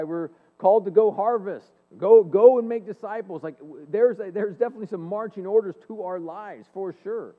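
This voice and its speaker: A man in his forties giving an earnest, animated faith-based talk, telling personal stories to an audience in a large hall. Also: sits high. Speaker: speaker and leadership coach. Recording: long hall reverb, phone-like band.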